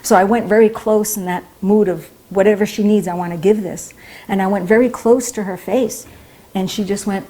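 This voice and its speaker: A woman's voice: medium pitch, fairly even intonation, normal speed, warm tone. A woman speaker at a temple talk, telling a personal story in an earnest way and acting out the voices she quotes. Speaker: devotee speaker.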